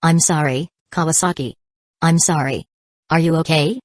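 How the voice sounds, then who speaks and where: A woman's voice: sits low, moderate pace, no echo, studio quality, close to an everyday voice. A woman reading the lines of an awkward, remorseful teenage boy who apologizes and stammers. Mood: apologetic.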